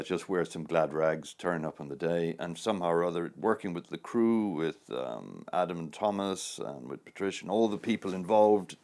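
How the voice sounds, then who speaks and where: A man in his sixties with a very low, deep voice talks about his acting life. He rambles from one anecdote to the next and chuckles as he goes. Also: a little mellow. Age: 60s. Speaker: actor. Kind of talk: interview answers.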